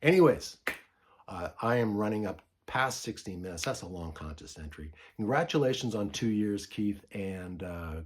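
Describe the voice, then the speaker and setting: A man's voice: on the low side, normal speed. A middle-aged man casually showing his record finds in a rambling vlog, with lots of uh fillers. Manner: relaxed, rambling, frequent uh fillers. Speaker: record collector vlogger. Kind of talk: casual show-and-tell vlog.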